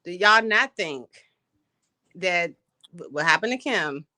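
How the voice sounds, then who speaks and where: A woman's voice: lowish voice, animated, slow, sharp tone. A woman co-hosting a casual gossip chat, speaking emphatically and laughing easily. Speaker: co-host.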